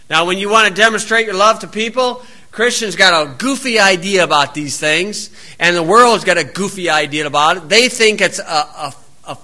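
A man's voice: sits high, sharp tone. A male preacher delivering a blunt, plain-spoken, scolding sermon.

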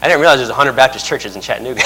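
A man in the middle of his voice range delivers a sermon as a visiting missionary, folksy and quick to chuckle at his own stories. His words ring out with a long reverb across a church sanctuary. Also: mid-range voice, animated, pushed and bright. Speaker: missionary preaching.

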